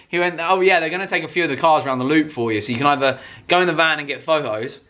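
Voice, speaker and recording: Bright-voiced excitable young man telling a story. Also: a little high, very fast. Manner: excitable, swears often, laughs while retelling. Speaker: car YouTuber. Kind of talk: storytime vlog.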